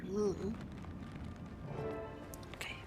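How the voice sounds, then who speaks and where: A woman giving quiet, offhand gameplay commentary, mumbling to herself as she plays. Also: very slow, over music. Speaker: gameplay streamer.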